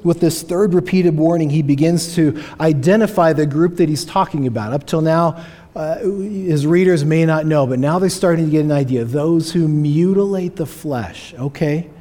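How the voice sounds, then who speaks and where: A man's voice: a little high, normal speed, mellow. A man preaching a sermon, earnest and emphatic, often repeating key phrases for weight. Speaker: pastor. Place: church sanctuary.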